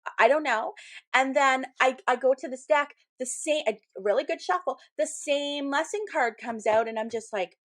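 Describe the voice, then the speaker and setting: Animated woman telling a story. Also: high voice, moderate pace, no room sound. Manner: animated storytelling, acts out quoted people. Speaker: podcast co-host, medium. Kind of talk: casual chat.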